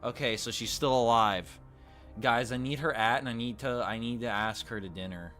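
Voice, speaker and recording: A man's voice: medium pitch, normal speed, sharp tone, faint music behind. A man giving casual, crude and sardonic commentary while playing a game at a desk mic. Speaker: gaming channel host. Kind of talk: casual let's-play commentary.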